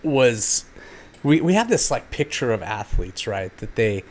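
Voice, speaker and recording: A man's voice: mid-range voice, very animated, unhurried. A man hosting a podcast, chatting in a reflective and encouraging way. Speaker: podcast host. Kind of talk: casual chat.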